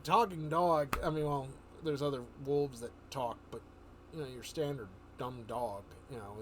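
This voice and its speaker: A man's voice: mid-range voice, moderate pace, fairly bright tone, a little hiss or hum. A man streaming live, telling a rambling story in casual chat, often chuckling and restarting his sentences.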